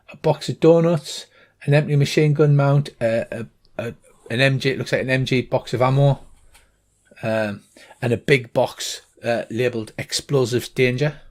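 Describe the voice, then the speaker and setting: A man's voice: mid-range voice, fairly even intonation, normal speed, a little mellow. Older man running a tabletop game. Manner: hesitant, many fillers. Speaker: game master.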